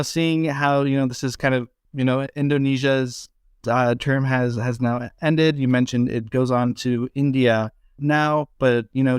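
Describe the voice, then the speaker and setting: Host: a man with a clear, smooth voice, chatty interviewer, dry close sound. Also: mid-range voice, no room sound. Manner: conversational, loosely phrased questions. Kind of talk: podcast interview questions.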